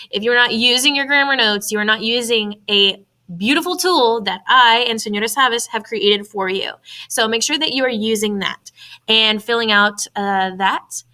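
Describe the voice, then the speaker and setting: A woman's voice: a little high, pushed and bright. A woman teaching a recorded Spanish grammar lesson, upbeat and talking students through each step.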